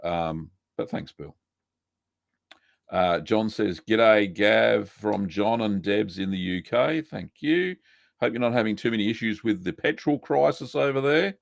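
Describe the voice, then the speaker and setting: A man hosting a live cheesemaking Q&A, relaxed and chatty, reading out viewer messages with lots of ums. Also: fairly low pitch, unhurried, creaky, no room sound, studio quality. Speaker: cheesemaking show host answering live chat. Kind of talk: casual live-stream Q&A.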